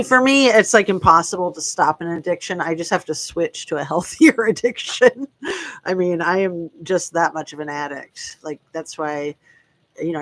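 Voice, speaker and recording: A woman in her fifties hosting a casual live stream from home, chatting to viewers and talking to her dogs in a rambling, friendly way. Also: lowish voice. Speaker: true crime channel host. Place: home room.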